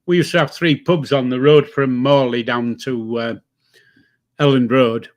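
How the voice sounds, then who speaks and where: A man's voice: mid-range voice, fairly even intonation. Older Yorkshire man, teasing banter. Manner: teasing, quick to laugh, chiming in. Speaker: podcast co-host. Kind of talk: casual chat.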